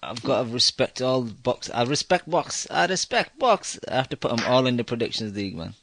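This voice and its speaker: A man's voice: medium pitch, a little fast, fairly bright tone. A man co-hosting a boxing podcast, talking with slangy enthusiasm. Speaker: podcast co-host. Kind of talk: casual chat.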